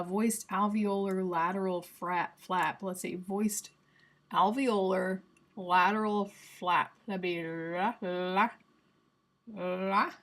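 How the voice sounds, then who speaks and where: A woman's voice: mid-range voice, fairly bright tone. A young woman with a Southern US accent, casually teaching phonetics on a livestream and sounding out examples aloud. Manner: chatty and playful, demonstrating sounds aloud.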